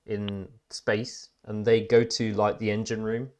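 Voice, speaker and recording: A man's voice: on the low side, flat delivery, measured pace, darkish tone, smooth. Rambling man chatting casually. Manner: rambling, self-correcting, laughs while telling jokes. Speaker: podcast host. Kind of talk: casual chat.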